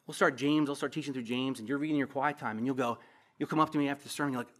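A middle-aged man preaching a sermon as a pastor in a church, passionate, with loud emphatic bursts and quiet asides. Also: medium pitch, rapid-fire.

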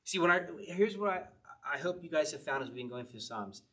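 Chatty pastor teaching the Psalms. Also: male voice, on the high side, expressive, fast, a bit bright. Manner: conversational, laughing often, reading scripture aloud. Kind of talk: informal Bible study teaching.

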